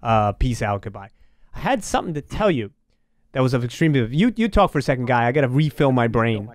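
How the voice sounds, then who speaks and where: A man's voice: mid-range voice, fast, no echo. A man hosting a live podcast, telling a story with profanity and acting out the people in it. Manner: animated, profane, acts out quotes. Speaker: podcast host.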